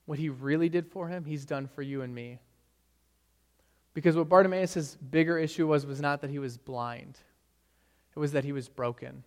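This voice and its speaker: A man preaching a sermon in an earnest manner, rising for emphasis and dropping low on key phrases. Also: clean tone, big-room sound. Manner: earnest, rising and falling emphasis, occasional stumbles. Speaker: pastor.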